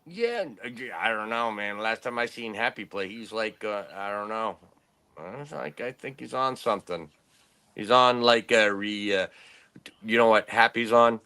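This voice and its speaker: A man's voice: fairly low pitch, normal speed, pushed and bright, clear, resonant tone. A man in his late fifties, a podcast host, telling rambling stories in casual chat and laughing often. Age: 50s.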